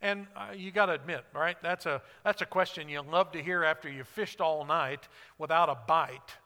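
A man's voice: fairly high pitch, normal speed, bright, forceful tone, long reverb tail. A man preaching a sermon, earnest and conversational, asking his listeners questions. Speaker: pastor.

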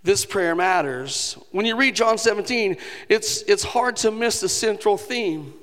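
A man's voice: high-pitched, moderate pace, a bit bright. A male pastor preaching a sermon, earnest and rising to emphatic passages. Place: church sanctuary. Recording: long reverb of a large hall.

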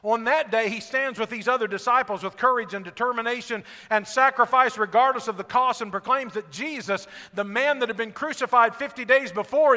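High-voiced fervent preacher in a reverberant church. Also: male voice. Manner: fervent preaching, swinging from hushed to near-shouting. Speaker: pastor. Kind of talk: sermon. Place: church sanctuary. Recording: long reverb of a church hall.

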